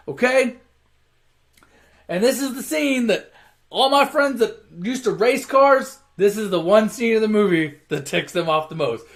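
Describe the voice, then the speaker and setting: A man with a somewhat high-pitched voice tells a movie plot as an offhand comic story. He swears freely and keeps stopping to correct himself, in a relaxed, unscripted way. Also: vocal fry. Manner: profane, offhand, self-correcting. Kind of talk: casual comic movie retelling.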